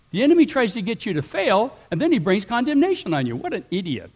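A middle-aged man preaching a sermon, animated, swinging between loud emphatic rises and quiet asides. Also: sits high, fast talker, hardly any pauses, slightly rough. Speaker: pastor.

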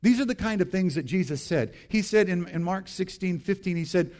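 Male pastor, slightly high voice, animated sermon delivery. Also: a little fast, few pauses. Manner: animated, repeats key phrases, asks the congregation to respond.

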